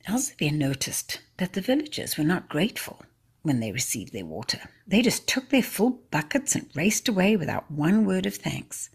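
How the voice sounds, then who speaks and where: A woman reading a story aloud at a church service in a measured, expressive way. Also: low voice, creaky, slightly rough.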